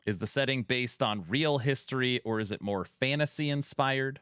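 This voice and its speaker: Streaming from home for his gaming podcast, a man chats with his audience and reads their questions aloud, casually and at times loudly. His mid-range, slightly bright voice is clean and moves at a normal speed. The headset mic recording has studio quality and no room sound.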